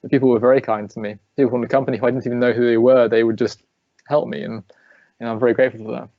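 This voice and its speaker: A man's voice: mid-range voice, flat delivery, rapid-fire, no room sound, dull audio. A man in his thirties from England, a ballet dancer answering interview questions in a chatty, storytelling way with frequent restarts. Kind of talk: remote interview conversation.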